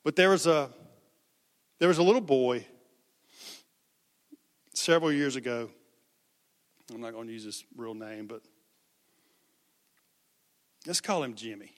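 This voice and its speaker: A man's voice: mid-range voice, a little slow, pauses often. A male preacher giving an impassioned sermon, repeating phrases for emphasis. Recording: long hall reverb.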